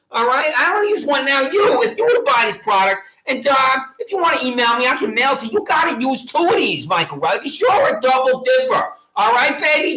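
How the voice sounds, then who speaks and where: A woman's voice: sits high, a bit bright. A woman with a Long Island accent, ranting in a sarcastic, taunting way straight to the camera, repeating her jabs. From Long Island, New York. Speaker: vlogger. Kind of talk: mocking direct-address rant. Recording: echoey room.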